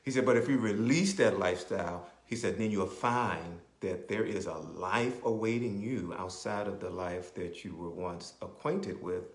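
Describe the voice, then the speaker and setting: A man delivers a sermon with a somewhat low voice that rings in a roomy, echoing space. He repeats his phrases for emphasis, checks in with his listeners, and slows down to explain scripture. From Maryland, US. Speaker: bishop and radio preacher. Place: church. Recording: roomy echo.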